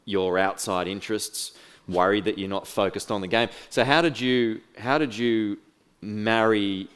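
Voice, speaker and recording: A man moderating a fireside chat, asking measured questions with brief asides to the audience. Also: lowish voice, fairly bright tone, smooth. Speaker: interviewer.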